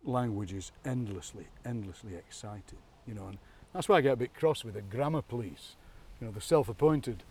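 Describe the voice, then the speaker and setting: A Yorkshire man tells stories on an outdoor walk, animated and quick to slip into other people's accents. His voice is of middling pitch. He is picked up from a little way off, out in the open air. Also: slightly rough, recorded from a distance. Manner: animated storyteller, mimics accents, laughs often. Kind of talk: chatty outdoor walk-and-talk. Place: outdoors by a graveyard.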